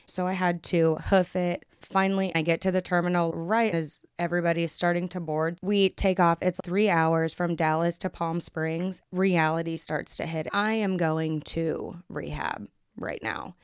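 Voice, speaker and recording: A woman's voice: fairly low pitch, fairly even intonation, smooth, no room sound, clean studio sound. A young adult woman from Kansas with an American accent, hosting a podcast and telling her own story in a candid, blunt way, with swearing, and acting out other people's lines. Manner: brisk, acts out others' lines. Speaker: podcast host. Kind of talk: casual storytelling monologue.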